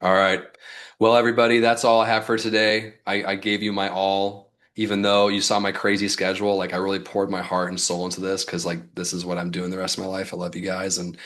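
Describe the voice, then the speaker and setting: Low-voiced man coaching a livestream. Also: monotone, a little fast, a bit bright. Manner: loose and fired up, with frequent "like" and mild swearing. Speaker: business coach. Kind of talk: casual livestream talk, reading out chat.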